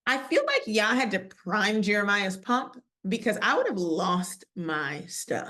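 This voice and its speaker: A woman teaching scripture in a casual, lively way, acting out quoted voices and laughing often. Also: medium pitch, measured pace, hardly any pauses. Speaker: Bible teacher.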